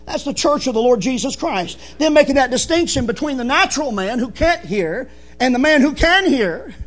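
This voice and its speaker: A man preaching a sermon in a fervent, emphatic way, swinging from soft to loud. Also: very high voice, animated, normal speed. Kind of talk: evangelical sermon.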